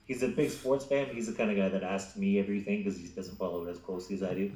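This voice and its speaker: A man's voice: deep voice, fairly even intonation, racing, a little mellow. A man chatting as remote co-host on a sports podcast, easygoing as he tells a story, recorded in an echoey room with faint noise behind. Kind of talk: casual podcast chat.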